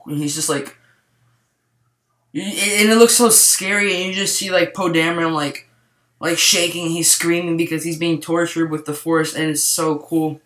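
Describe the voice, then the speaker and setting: A young man rambling excitedly through a casual movie review, full of fillers and restarts. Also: a little high, normal speed. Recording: echoey room.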